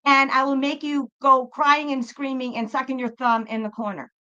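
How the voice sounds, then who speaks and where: A woman's voice: sits high, little pitch movement, normal speed, bright, forceful tone, clear, resonant tone, muffled recording. A woman hosting a live tarot stream, rambling chattily and talking straight to viewers in the chat.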